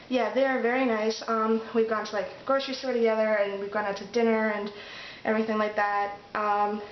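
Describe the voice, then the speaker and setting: A woman's voice: on the high side, slight background noise. A young American woman telling stories in a rambling vlog, with many fillers and restarts. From United States. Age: young adult. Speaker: vlogger. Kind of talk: casual chat. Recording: echoey room, dull sound.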